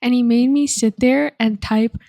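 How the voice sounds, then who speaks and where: A young woman co-host with a higher but mellow voice. She tells stories in a chatty, giggly way. The recording is dry and close. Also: fairly even intonation, normal speed, creaky, dry recording. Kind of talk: casual chat.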